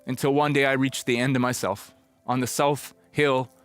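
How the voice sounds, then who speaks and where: A man's voice: medium pitch, flat delivery, moderate pace, a bit bright, clean tone, faint music behind. Man telling a reflective sermon story. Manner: conversational, reflective storytelling with acted-out quotes. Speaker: pastor.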